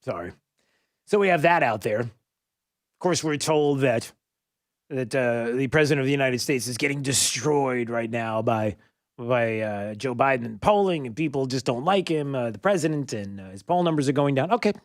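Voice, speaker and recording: A male talk radio host giving an animated monologue full of fillers and sarcastic asides. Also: mid-range voice, normal speed, dry recording, clean studio sound.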